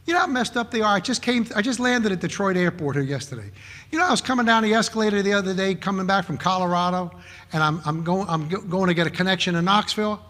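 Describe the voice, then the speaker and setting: A man preaching a sermon, telling animated stories and acting out the people he quotes. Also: high voice, fast, big-room sound. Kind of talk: sermon with anecdotes.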